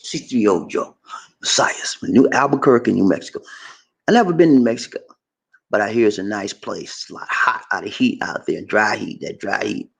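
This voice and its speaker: A man hosting animated, joking commentary on a news story, talking straight to his audience and repeating himself. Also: fairly low pitch, brisk, creaky. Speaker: host.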